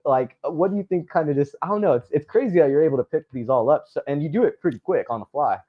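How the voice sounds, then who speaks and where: A man's voice: fairly high pitch, expressive, fast, phone-quality sound. A man hosting an interview, asking long, meandering questions with plenty of hedging. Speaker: interview host.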